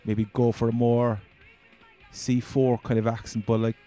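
A man's voice: mid-range voice, level tone, a little slow, dark tone, faint music behind. A man with a Cork accent, chatting casually and rambling through his first gaming commentary as a channel host. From Ireland.

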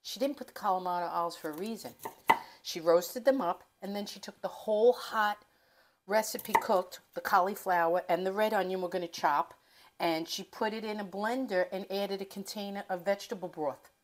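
Background noise accompanies this middle-aged cooking channel host, who talks at a moderate pace in a medium-pitched voice. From her home kitchen she rambles casually, cutting herself off mid-thought.

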